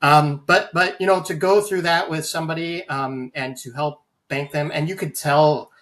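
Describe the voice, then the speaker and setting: A man's voice: fairly high pitch, steady tone, normal speed, a bit bright. A man telling stories in an interview, earnest and full of restarts and fillers. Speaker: guest, AI voice banking practitioner. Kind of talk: conversational interview storytelling.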